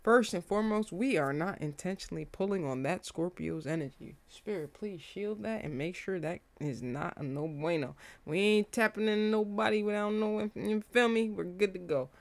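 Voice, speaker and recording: A woman casually doing a tarot reading for her viewers, animated, slangy and openly emotional as she talks. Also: medium pitch, normal speed, hardly any pauses. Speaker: tarot reader.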